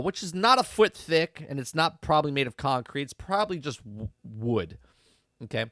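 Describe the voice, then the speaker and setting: In a dry, clean studio recording, a medium-pitched male podcast host rambles through a mocking review of a TV episode. He's emphatic and incredulous, repeatedly checking in with listeners through "okay?" and "right?"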